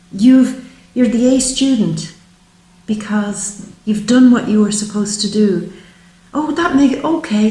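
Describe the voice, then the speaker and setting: Woman tarot reader, gentle and heartfelt, mid pitch, roomy echo. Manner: gentle, earnest, slow and emotional. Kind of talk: spoken psychic tarot reading.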